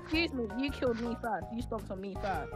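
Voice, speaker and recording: A woman player in a game's voice chat, defensive and quick to swear, heard distantly through the chat. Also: a little high, animated, faint music behind.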